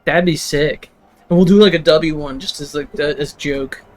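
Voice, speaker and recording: A young livestream host with a slightly high voice chats at a moderate pace, rambling along with plenty of filler words and frequent laughter in a casual conversation.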